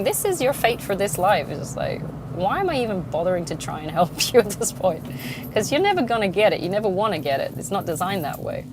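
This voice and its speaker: A woman's voice: mid-range voice, background noise. Frank, swearing woman talking in a car. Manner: frank and swearing, laughing, going off on tangents. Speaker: podcast host. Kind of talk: casual monologue.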